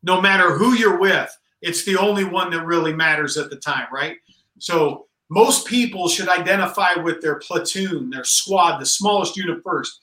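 Speaking at a moderate pace, a forties-aged Army general guesting on a podcast presses home his points about command with earnest conviction. His high, bright voice climbs in pitch for emphasis, and he sits a bit far from the mic in an echoey room during this conversational interview.

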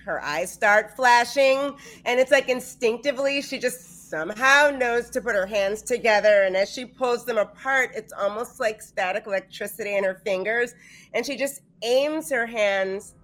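A woman's voice: fairly high pitch, moderate pace. Woman player telling her character's moves. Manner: animated storytelling. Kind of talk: describing her character's actions.

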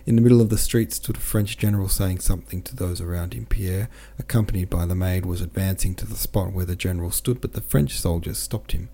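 A man narrating an audiobook in a steady, measured way. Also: deep voice, slight background noise. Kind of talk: audiobook reading.

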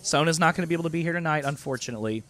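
A man's voice: fairly high pitch, rapid-fire, fairly bright tone, faint music behind. A man hosting a casual online hangout, loose and slangy, talking over a video call. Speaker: host. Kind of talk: casual chat.

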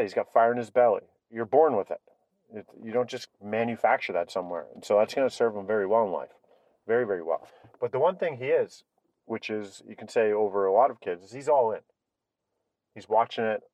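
A man hosting his own podcast from his truck, telling a rambling, energetic personal story. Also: on the low side, no room sound. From Canada. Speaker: podcast host. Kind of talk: solo podcast talk.

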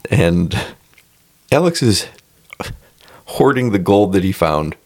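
A man co-hosting a podcast, reviewing a movie in casual chat, animated and exasperated as he tells the plot. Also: low-pitched, slow. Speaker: podcast co-host.

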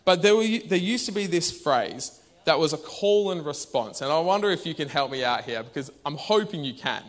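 Animated man preaching a sermon. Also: a little high, normal speed. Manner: conversational and animated, bursts into shouts. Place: church hall.

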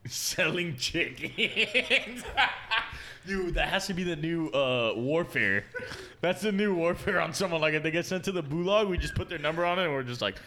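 A man co-hosting a casual podcast, trading crude jokes, laughing often and talking loudly. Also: fairly high pitch, fairly quick, a little hiss or hum. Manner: laughs a lot, loud and animated. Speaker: podcast co-host.

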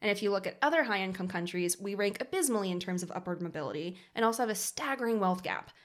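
A woman's voice: medium pitch, lively intonation, quick pace. A young woman from Ohio co-hosting a podcast, chatting casually, laughing often and explaining things like a teacher. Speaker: podcast co-host. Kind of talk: casual chat.

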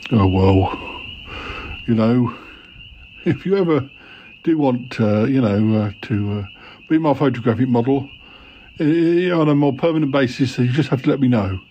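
A flirtatious yeti uncle, voiced by a man, who stumbles over his fillers in a comedy audio drama. His voice keeps sliding down low. A faint hum sits behind him. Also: expressive, normal speed, long pauses, warm tone, dull audio, natural voice. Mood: wheedling. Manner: hesitant, full of "uh" and "you know". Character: leering yeti uncle, male, bumbling and flirtatious.

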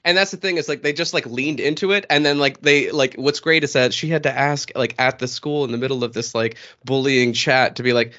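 A man talks in a loose, rambling way. His tone is bright and forceful. The recording sounds a little dull and lo-fi. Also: medium pitch, brisk, few pauses. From Boston area, New England. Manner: rambling, many fillers and restarts. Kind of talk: casual chat.

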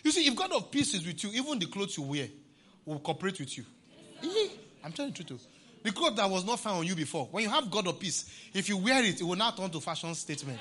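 A male pastor preaching a sermon, playful, often laughing and breaking into shouts. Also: sits high, sing-song, moderate pace.

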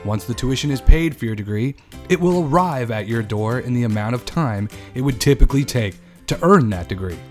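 A man's voice: medium pitch, lively intonation, fairly quick, lightly acted. A man voicing an eager customer and announcer in a mock radio commercial, with an earnest, salesy delivery over a faint music bed. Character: eager male customer and announcer in a spoof degree ad.

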